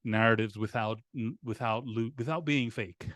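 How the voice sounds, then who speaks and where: Halting, laughing man in casual talk. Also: medium pitch, a bit bright, no echo, studio quality. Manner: halting, many restarts and fillers, laughs often. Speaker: podcast guest. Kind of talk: casual conversation.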